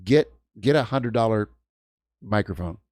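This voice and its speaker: A man's voice: fairly low pitch, lively intonation, a little slow, darkish tone, no echo. A man in his fifties hosting a livestream, ranting heatedly with lots of swearing and stumbling restarts. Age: 50s. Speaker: livestream host. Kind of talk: heated casual stream chat. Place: home in New York.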